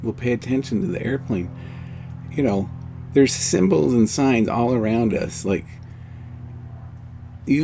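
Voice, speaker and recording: A man teaching a spiritual course outdoors in a gentle, conversational way. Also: on the low side, vocal fry, slightly rough. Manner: gentle, conversational, many "you know"s.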